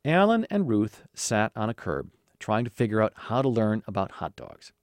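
Male storybook narrator, animated, very lively pitch, dry close sound. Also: normal speed, no room sound. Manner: expressive, animated. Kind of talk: storybook reading.

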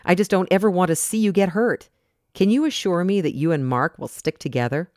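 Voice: medium pitch, a little mellow, no echo, studio quality, voice pushed up, close to an everyday voice. Reader voicing a grave, protective father. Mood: tender. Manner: measured, grave. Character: serious, protective middle-aged father. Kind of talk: storybook narration.

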